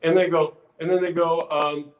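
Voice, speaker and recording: An older man, a podcast guest, telling a lively anecdote in casual chat, full of restarts and acted-out quotes. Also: fairly high pitch, normal speed, reverberant, low-quality recording. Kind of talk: casual storytelling.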